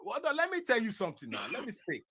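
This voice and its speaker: A man's voice: very high voice, huge pitch swings, fast, sharp tone, breathy edge, no room sound. A man in a heated livestream argument, hammering home accusations and repeating himself insistently.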